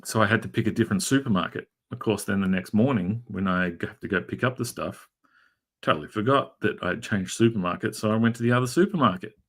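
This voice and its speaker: Australian man, middle-aged, casual stream chat, rambling and jokey, fillers, a bit low-pitched. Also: fast talker, a bit bright. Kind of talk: casual chat while drawing. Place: converted garage room.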